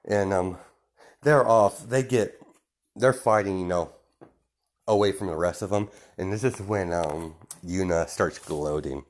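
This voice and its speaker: A man with a deep, low voice tells a made-up story off the top of his head. He rambles, restarts his sentences and leans on fillers as he goes. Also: unhurried. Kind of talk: casual improvised story retelling.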